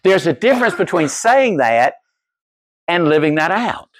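Animated storytelling male pastor. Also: fairly high pitch, unhurried, no echo. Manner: storytelling, animated, asks the congregation questions. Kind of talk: sermon. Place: church.

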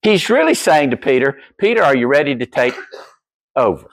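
A man preaching a sermon as pastor, telling stories in an animated way and putting questions to his congregation. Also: medium pitch, normal speed. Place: church.

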